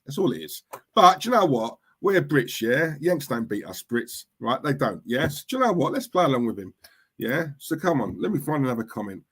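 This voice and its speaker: A man's voice: medium pitch, husky. A middle-aged man, ranting on a livestream and replying to chat, repeating himself and asking "yeah? right?" at every turn. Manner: fired-up, repetitive, asks "yeah? right?" constantly. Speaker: streamer, football fan. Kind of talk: livestream rant reading chat.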